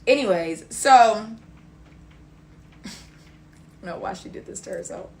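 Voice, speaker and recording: A woman's voice: medium pitch, expressive, slow, a little mellow. A young woman telling a casual storytime rant, blunt and profane, acting out other people's lines as she goes. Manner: blunt, profane, acts out quoted dialogue.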